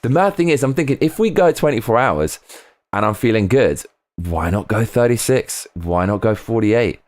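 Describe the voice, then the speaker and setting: A man casually chatting on a live stream, reading out viewer comments, excitable and swearing often, repeating himself. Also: mid-range voice, normal speed.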